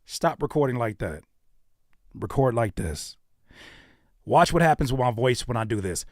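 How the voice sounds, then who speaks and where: A man's voice: mid-range voice, lively intonation, moderate pace, dry recording, clean studio sound. Blunt man critiquing rap songs. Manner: blunt, coaching, profane. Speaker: music reviewer and livestream host. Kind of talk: candid livestream critique.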